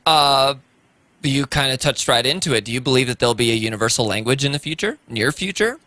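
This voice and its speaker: A man's voice: mid-range voice, animated, fast talker, sharp tone. A man hosting a podcast, asking questions in a friendly, easygoing way. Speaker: podcast host. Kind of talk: casual interview chat.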